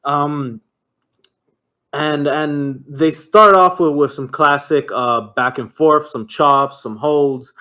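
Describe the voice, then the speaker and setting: A man's voice: on the high side, steady tone, slow pace, pushed and bright. A young man chatting casually on a podcast, giving a rambling play-by-play recap full of fillers and swearing. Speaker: podcast co-host. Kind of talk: casual chat recapping a wrestling match.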